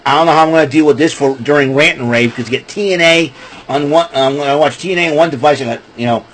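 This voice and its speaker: A man's voice: a little high, quick pace, a bit bright, slight background noise, rough recording. A man hosting a casual wrestling recap show, talking in a rambling, chatty way. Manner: rambling, chatty, breaks into laughing fits.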